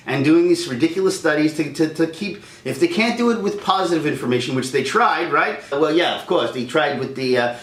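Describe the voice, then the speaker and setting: A man's voice: a little high, animated, fairly quick, few pauses, roomy sound. A man hosting a casual ranting chat, heated and rambling, stumbling over restarts. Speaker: YouTube channel host.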